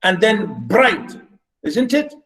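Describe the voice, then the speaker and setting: High-voiced man slowly drilling poetic meter. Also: animated, fairly bright tone, low-quality recording. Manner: drills syllables and stresses by repeating words slowly. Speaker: literature lecturer. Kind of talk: online class teaching poetic meter.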